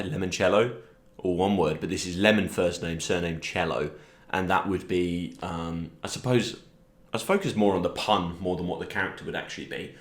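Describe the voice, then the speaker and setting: A young man rambling through a deadpan, self-deprecating comic monologue, pitching silly character ideas. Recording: roomy echo.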